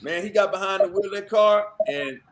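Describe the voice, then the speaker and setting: A man guest on a podcast, telling a lively, profane story and acting out other people's lines. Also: high-pitched, fairly quick. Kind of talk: animated anecdote on a podcast.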